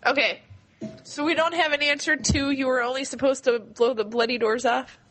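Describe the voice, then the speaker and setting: A woman reads quiz questions on a casual podcast, giggling between them. Her voice sits high. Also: steady tone, moderate pace, fairly bright tone, soft background music. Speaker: quiz reader, podcast co-host.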